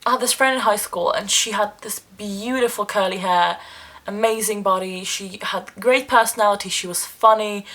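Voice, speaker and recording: A woman's voice: fairly high pitch, bright, forceful tone. A young woman vlogging in a candid, rambling and self-deprecating way, emotional and close to tears. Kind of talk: casual vlog monologue.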